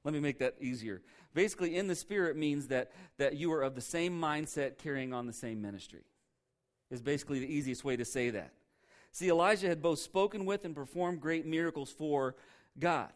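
Guy preaching in church, kinda high-pitched, punchy and chatty, keeps asking the crowd questions. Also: a little fast. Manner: emphatic, conversational preaching with rhetorical questions. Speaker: pastor. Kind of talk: sermon.

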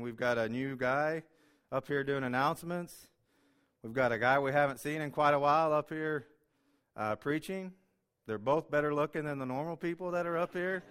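A man's voice: a little high, fairly bright tone, clear, resonant tone. A man preaching in church, chatty and openly emotional, with frequent "uh" fillers, joking about himself. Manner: emotional, chatty, self-deprecating, many fillers. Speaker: guest preacher. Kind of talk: sermon. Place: church sanctuary.

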